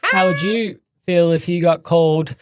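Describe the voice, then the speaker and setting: A man's voice: a little high, measured pace, noisy background. A man co-hosting a casual podcast chat, easygoing and joking, often poking fun at himself. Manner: easygoing, joking, self-mocking. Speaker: podcast co-host. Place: home in Melbourne.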